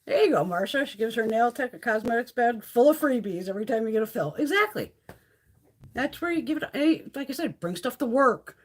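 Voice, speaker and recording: A woman's voice: on the high side, lively intonation, brisk. A middle-aged woman chatting casually and profanely on a beauty live stream, laughing often.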